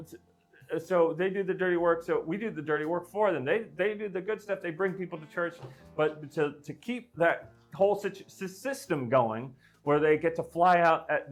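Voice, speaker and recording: A fairly high-voiced man improvising a gory comic story live. He rambles, stalls on fillers and restarts often. Music plays faintly behind him. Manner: rambling, many restarts and fillers, gleefully gruesome. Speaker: storyteller and streamer.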